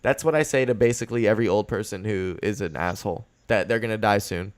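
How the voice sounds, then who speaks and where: A man's voice: lowish voice, quick pace. Profane, fired-up young man ranting. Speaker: podcast host. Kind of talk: casual chat.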